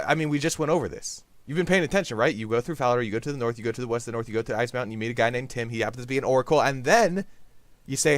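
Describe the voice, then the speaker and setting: Medium in pitch and fairly bright, with no echo, the voice belongs to a gaming YouTuber host. He rambles through jokey, goofy commentary as he plays his game, suddenly bursting into silly voices.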